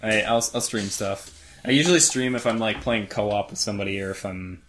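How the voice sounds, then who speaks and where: A man's voice: fairly low pitch, fairly quick, a bit bright, slight background noise. A man hosting a casual podcast, speaking in short remarks and moving things along. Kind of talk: casual chat.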